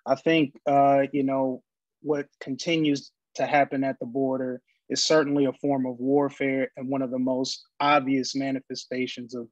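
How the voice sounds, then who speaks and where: A man's voice: mid-range voice, dry recording. A man hosting a virtual poetry reading who thanks each poet with hesitant, filler-laden remarks. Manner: hesitant, many ums. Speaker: event host. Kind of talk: casual hosting. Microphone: video call. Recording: dry, dull lo-fi call audio.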